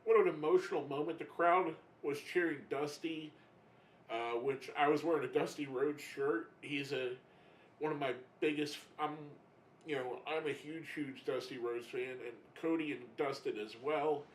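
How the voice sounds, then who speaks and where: A man talks through a casual review in a slightly raised voice. He is emotional and halting, choking up and breaking off mid-sentence before starting again. The sound is roomy and echoey. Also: fairly high pitch, a little hiss or hum. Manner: emotional, gets choked up, halting restarts. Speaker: wrestling reviewer.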